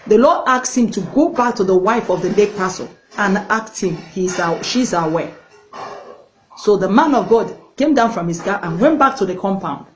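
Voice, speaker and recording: A woman's voice: mid-range voice, lively intonation, moderate pace, soft background music, low-quality recording. An earnest woman evangelist preaches and tells a story, speaking straight to the viewer. She leans on repetition for emphasis and pleads with her listeners. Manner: earnest, directly addresses viewers. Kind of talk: sermon.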